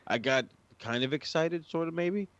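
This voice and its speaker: Profane, animated male wrestling podcaster. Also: on the high side, normal speed, no echo, dull audio. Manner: profane, animated retelling with lots of quoted voices. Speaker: podcast co-host. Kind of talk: casual chat.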